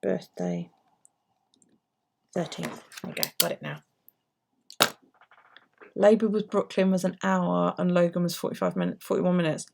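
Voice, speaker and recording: A woman's voice: lowish voice, animated, a little slow, creaky, long pauses, noisy background. A middle-aged woman with an English accent, chatting casually and swearing freely while she works on her bullet journal and tells stories.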